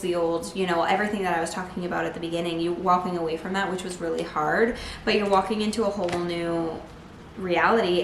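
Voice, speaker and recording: A woman with a fairly low voice talks through a tarot spread in a casual, chatty way. She leans on "like" a lot and lifts into bursts of excitement. The room echoes noticeably, with a faint hum of background noise. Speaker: tarot reader. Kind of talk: casual tarot reading to camera.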